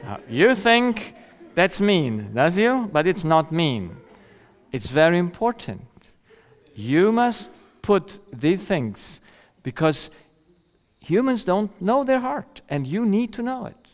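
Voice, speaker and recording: A man's voice: high voice, sing-song, slow, in a large hall. A man giving a seminar lecture in a conversational way, often checking in with "yeah?" and chuckling at his own stories. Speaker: seminar speaker.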